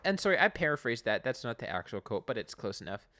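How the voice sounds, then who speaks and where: A man's voice: mid-range voice, big pitch swings, fast talker, sharp tone. A young man co-hosting a podcast, recapping episodes in casual, laughing chat with many restarts.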